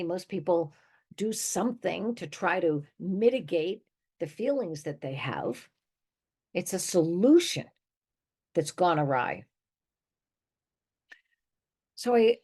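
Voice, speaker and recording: An older woman with a lowish, darkish voice hosts her own show as a therapist. She speaks directly to listeners in an emphatic, conversational advice monologue, slipping little laughs between her points.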